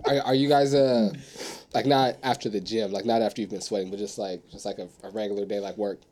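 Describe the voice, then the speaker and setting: A man's voice: on the low side, steady tone, fast talker, darkish tone. A man in casual group chat, musing aloud and asking questions with many fillers. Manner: reflective, questioning, filler-heavy.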